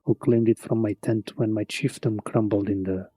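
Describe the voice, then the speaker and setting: A man's voice: on the low side, fairly even intonation, moderate pace, warm tone, slightly rough, dry recording. A man voicing the ghost of a fallen chieftain, speaking formally with a put-on accent. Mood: solemn. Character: ghost of a fallen male chieftain, solemn and regretful.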